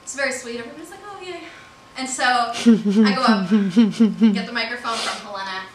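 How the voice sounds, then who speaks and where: A woman comedian performing stand-up on a club stage, casual and profane, jumping from quick asides to loud laughing bursts. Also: a little high, background noise. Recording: roomy live club sound, heard from a distance.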